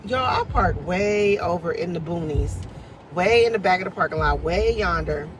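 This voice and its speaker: A woman's voice: lowish voice, animated, moderate pace, a little hiss or hum, rough recording. A woman, chatting casually and animatedly from her parked car as a tarot reader, laughing and swearing freely. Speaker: tarot reader and life coach. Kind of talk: casual chat to camera.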